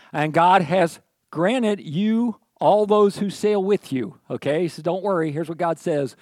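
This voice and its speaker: A man's voice: sits high, measured pace, darkish tone, no room sound. Folksy man preaching in a dry room. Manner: conversational, folksy storytelling with frequent "okay?". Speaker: pastor. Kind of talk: sermon.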